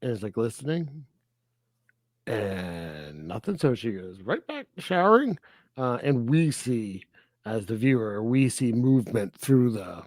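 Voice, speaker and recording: A man chatting casually on a film review podcast, his voice rising and falling in lively swings. He walks through each scene with quoted asides, and the dry, close sound has no room echo. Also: mid-range voice, a little slow. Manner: animated, recaps scenes with quoted asides and laughs. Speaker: podcast co-host.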